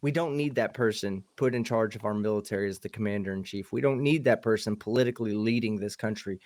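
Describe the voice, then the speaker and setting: A man's voice: on the low side, fast talker, darkish tone. A man on a casual live online panel, speaking earnestly and with strong opinions. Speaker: panel guest; military veteran. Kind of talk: casual livestream chat.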